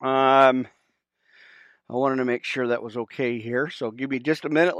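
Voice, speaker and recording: A pastor hosting his own podcast chats casually while setting up his livestream, out of breath, rambling and halting with many fillers, and he calls his listeners friends. His mid-range voice is steady and a bit bright, recorded with clean studio sound and no echo.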